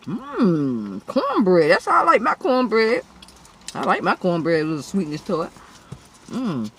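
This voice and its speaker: A woman hosts an eating video, talking to camera. Her voice swings lively and bright, broken by humming and loud chewing. A faint hiss sits under the recording. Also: medium pitch, a little slow. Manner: talks between loud bites, humming and smacking. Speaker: eating show host. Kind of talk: casual mukbang chat to camera.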